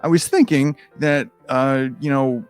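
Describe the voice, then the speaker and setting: A man's voice: mid-range voice, steady tone, a little slow, a little mellow, smooth, faint music behind. A man reading a choose-your-own-adventure book aloud in a casual, comedic way, with rambling, self-deprecating asides and frequent swearing.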